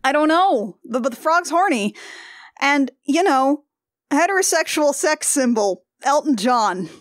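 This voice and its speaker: A woman's voice: high voice, animated, unhurried, no room sound, clean studio sound. A woman co-hosting a podcast, recapping a film in rambling, flustered casual chat with laughing asides. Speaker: podcast co-host.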